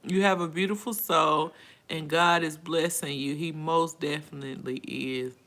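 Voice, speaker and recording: Streaming casually from her phone, a middle-aged woman reads out comments from viewers and responds with emotion and blunt opinions. She speaks a little slowly in a deep, fairly bright voice with fairly even intonation.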